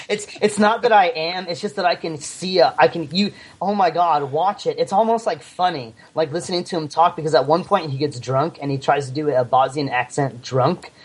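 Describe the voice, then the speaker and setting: A man co-hosting a casual podcast, ranting animatedly with lots of swearing and quick repeats. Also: on the high side, husky. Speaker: podcast co-host. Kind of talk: casual chat.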